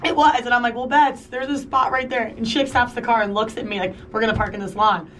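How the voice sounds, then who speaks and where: A woman's voice: on the high side, steady tone, fast, a bit bright, distant mic, a little hiss or hum. A woman co-hosting a podcast, telling a story in casual chat and acting out the quoted dialogue. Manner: chatty, acts out quoted dialogue. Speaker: podcast co-host.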